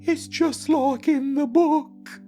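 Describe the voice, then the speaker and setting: A man voicing a haunted, fearful man with an English accent in a raised, high voice. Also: steady tone, slow, dark tone, faint music behind. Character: haunted man who read a cursed book.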